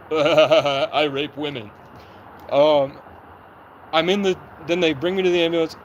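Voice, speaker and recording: A young man on a livestream, recounting events in an agitated, rapid way and acting out what people said. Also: a little high, fairly even intonation, highs cut off, slight background noise. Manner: agitated, rapid storytelling with reenacted quotes. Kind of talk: livestream monologue.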